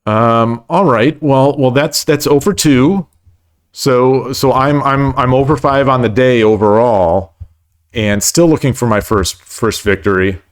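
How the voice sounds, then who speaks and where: A man's voice: medium pitch, steady tone, unhurried, clean tone. A man streaming himself playing shogi online at home, rambling and stammering with lots of repeated words and joking at his own losing streak. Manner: self-deprecating about his losses. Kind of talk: live-stream commentary while playing.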